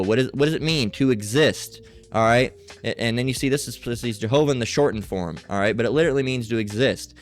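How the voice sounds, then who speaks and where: A man teaching a Bible study lesson at a middle pitch, with faint music under his voice. He stresses his points and tags nearly every phrase with "all right?" or "okay?" to keep the listener with him. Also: brisk. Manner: emphatic, keeps checking in with "all right?" and "okay?".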